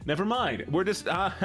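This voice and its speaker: A man's voice: high voice, a bit bright. A man streaming live, chatting casually and playfully with his viewers. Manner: bubbly, playful, chatty with chat.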